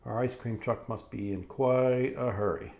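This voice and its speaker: A man's voice: mid-range voice, steady tone, moderate pace, gravelly, darkish tone. A middle-aged man, a cartoonist, leads a step-by-step drawing lesson for children in a friendly, encouraging way, often checking in with "right?".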